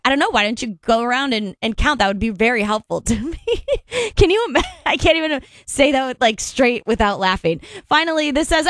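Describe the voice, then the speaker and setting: A woman's voice: high-pitched, a bit bright, no room sound, studio quality. A woman hosting a call-in radio show, chatting casually, laughing and trailing off into restarts. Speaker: radio host.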